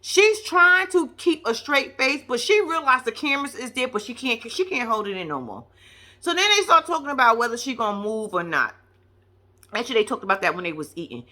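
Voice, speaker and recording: A woman's voice: on the high side, a little fast. Blunt, profane woman recapping TV. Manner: blunt, profane, animated storytelling. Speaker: reality TV commentator. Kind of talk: casual recap commentary.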